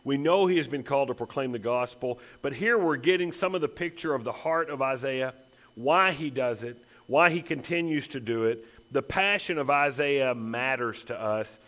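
A man's voice: mid-range voice, moderate pace, a bit bright. A man preaching a sermon as pastor, emphatic and building to intense repeated phrases. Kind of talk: expository sermon.

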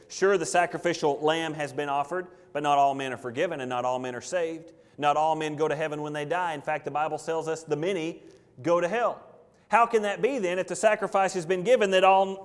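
A man preaching a sermon, building force through repeated phrases and then dropping to quiet, earnest emphasis. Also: a little high, in a large hall. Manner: preaching with rising and falling intensity, repetition for emphasis. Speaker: pastor.

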